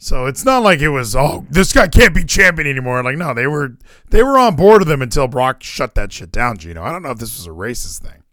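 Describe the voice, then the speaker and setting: Animated, joking male podcast host. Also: mid-range voice, fairly quick, no echo, studio quality. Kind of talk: casual chat.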